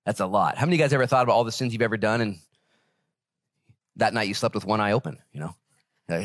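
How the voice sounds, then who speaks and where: A male pastor preaching a sermon in an animated, conversational way and joking with the congregation. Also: lowish voice, fast talker, pauses often, no room sound, clean studio sound.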